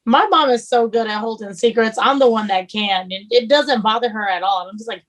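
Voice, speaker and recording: A woman from Texas, a chef guest on a casual podcast. She tells her stories in an animated way. Her voice sits a little high. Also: a little fast, hardly any pauses. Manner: animated storyteller.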